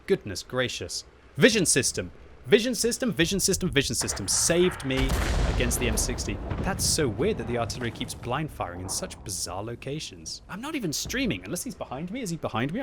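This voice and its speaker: A man giving live gameplay commentary at home, thinking aloud and breaking into loud frustrated yelling. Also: fairly low pitch. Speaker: gaming video host. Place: upstairs room at home. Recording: steady game noise behind the voice.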